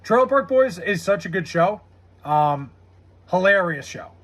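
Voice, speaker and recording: Bright, husky-voiced male streamer. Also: high-pitched, lively intonation, a little slow. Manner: profane, frustrated, reads chat aloud. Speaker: live streamer. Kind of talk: casual live stream chat. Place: home room with TV.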